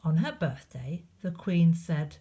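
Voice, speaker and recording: A woman reading a picture book aloud to children, expressive, with chatty asides to young listeners. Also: low-pitched, slow pace, husky. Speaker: storyteller.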